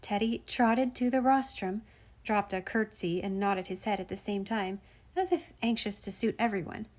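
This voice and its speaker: A woman narrating a classic children's novel at a measured, gentle pace. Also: mid-range voice. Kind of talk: audiobook reading of a classic novel.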